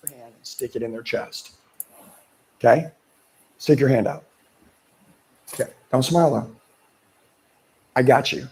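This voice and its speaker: A man's voice: mid-range voice, measured pace, long pauses, a little mellow, breathy edge. A man coaching a sales team with intense, blunt, emphatic delivery. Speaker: sales trainer. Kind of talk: live sales coaching seminar.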